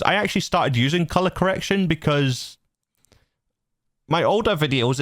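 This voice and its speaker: A man talks through his recording setup like a casual tutorial, rambling and full of fillers and restarts. His voice sits mid-pitch and comes through a dynamic studio mic. The sound is dry, with no room echo. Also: a bit bright. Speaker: channel host. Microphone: dynamic studio mic through a mixer.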